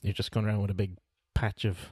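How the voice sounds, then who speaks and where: A man's voice: fairly low pitch, level tone, fast talker, a little mellow, breathy edge, no room sound, studio quality. A man co-hosting a podcast in casual chat, rambling with lots of fillers and restarts. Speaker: podcast co-host.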